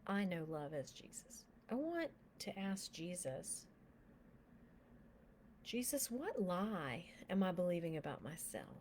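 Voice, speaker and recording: A woman leading a guided prayer and telling a testimony, speaking softly with frequent whispers and becoming emotional as she tells the story. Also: fairly low pitch, slight background noise. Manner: soft, slow and often whispered while guiding prayer; gets emotional and animated while telling the story. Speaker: minister.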